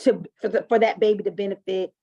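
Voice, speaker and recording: A woman's voice: mid-range voice, fast talker. Chatty woman coaching on a lo-fi call. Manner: animated and chatty, with frequent fillers. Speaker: group coaching call host. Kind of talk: coaching talk and personal storytelling. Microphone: online call audio. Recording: dull lo-fi call audio.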